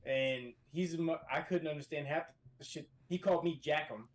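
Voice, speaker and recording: A man talking as a guest on a casual podcast from a hotel room, telling profane, animated stories. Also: fairly high pitch, moderate pace, few pauses.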